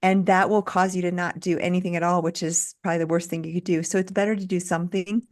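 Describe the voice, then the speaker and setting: A middle-aged woman speaks in a fairly low voice, earnest and encouraging. She is a doctor giving an interview and sets out her lessons one step at a time. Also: level tone, quick pace, a little mellow. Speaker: guest doctor. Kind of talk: interview conversation.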